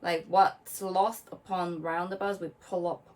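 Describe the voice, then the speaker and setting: A woman co-hosting a casual podcast chat, animated and fidgety, who swears and laughs as she talks. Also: fairly low pitch, unhurried, distant mic, low-quality recording. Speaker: podcast co-host.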